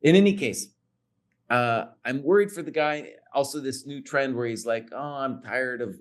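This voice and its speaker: A man co-hosting a casual podcast chat, talking in an animated, emphatic and teasing way. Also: mid-range voice, normal speed. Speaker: podcast co-host.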